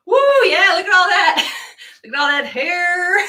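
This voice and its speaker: A woman's voice: very high-pitched, lively intonation, takes it slowly, pauses often, pushed and bright, recorded from a distance. A young woman hosting a casual livestream from a spare room at home, chatty and giggly, laughing often. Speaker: livestream host. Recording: roomy sound, voice away from the mic.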